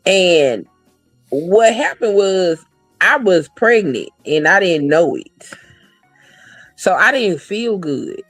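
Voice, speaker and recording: A woman talking in a casual podcast chat, blunt and profane, telling animated stories. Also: fairly low pitch, slow, long pauses, no echo, soft background music, poor audio.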